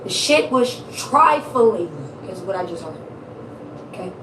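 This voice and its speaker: A woman's voice: medium pitch, lively intonation, measured pace. Woman reading tarot live, laughs a lot and cusses, kinda far from the mic, faint hum behind. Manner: chatty, laughs often, swears freely. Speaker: tarot reader. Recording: echoey room, off-mic.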